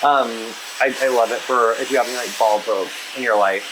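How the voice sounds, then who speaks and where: A man working as a hairdresser, chatting as he styles. He gushes, talking quickly and stuffing his sentences with fillers. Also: mid-range voice, noisy background. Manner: gushing, rapid, full of fillers. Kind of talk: casual chat while styling hair.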